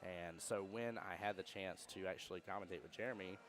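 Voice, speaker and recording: A man with a low, deep voice runs casual pool commentary at a brisk clip. He rambles through stories, restarting his sentences often, and sounds relaxed and chatty on a booth headset. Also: a little hiss or hum. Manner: rambling storyteller, many restarts.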